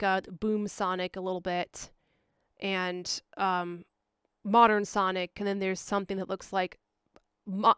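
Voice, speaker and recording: A woman rambles through a livestream update on her dub projects, with plenty of ums and side remarks. Her voice is very clear and a little hoarse. It sounds close and dry, with no room around it. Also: mid-range voice, a bit bright, no echo. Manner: rambling, with frequent ums and asides. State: slightly hoarse. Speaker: fan comic dub producer and director. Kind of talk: casual livestream channel update.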